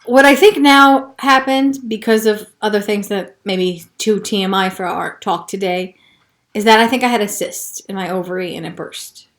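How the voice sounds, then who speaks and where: A woman hosting a podcast, telling a personal story in a frank, profane way, moving from hushed recounting to heated frustration. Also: medium pitch, moderate pace. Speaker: podcast host.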